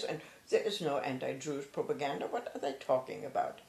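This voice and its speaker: A woman's voice: low voice, animated, a little mellow, roomy sound. Older woman recalling her past. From Germany. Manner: halting, reflective storytelling with many fillers. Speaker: author and retired professor. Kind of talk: personal recollection.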